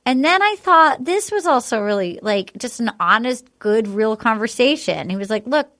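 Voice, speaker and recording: Gushing chatty woman, slightly high voice. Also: expressive, moderate pace, fairly bright tone, no room sound, clean studio sound. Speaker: podcast co-host. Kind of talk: casual chat recapping a dating show.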